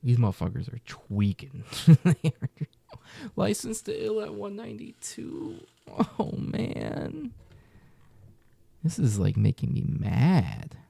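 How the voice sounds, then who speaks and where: A man's voice: on the high side, huge pitch swings, takes it slowly, vocal fry, mellow, dry recording. A man reacting casually to a music list, muttering exasperated, profane comments with whispered asides.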